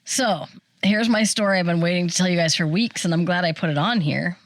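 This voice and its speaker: A woman's voice: fairly quick, no echo. A middle-aged woman, co-hosting a podcast and telling a story in casual chat, acting out the voices of other people. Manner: animated storyteller, acts out quoted voices high. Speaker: podcast co-host.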